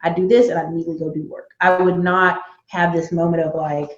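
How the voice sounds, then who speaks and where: Woman guest, animated storyteller, casual chat; room echo, a bit muffled. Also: lowish voice, quick pace. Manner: animated storyteller, acts out quoted voices. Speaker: guest, YouTuber and entrepreneur.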